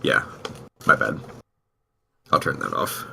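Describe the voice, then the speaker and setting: A man's voice: takes it slowly, bright, forceful tone, a little hiss or hum. A man joking around as a player in a tabletop game. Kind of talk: casual game chat.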